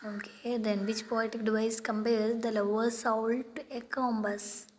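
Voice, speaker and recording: Woman, poetry lesson, slow halting delivery, slightly high voice, faint background noise. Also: flat delivery. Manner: asks questions then answers them, halting restarts. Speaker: teacher. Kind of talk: quiz-style poetry lesson.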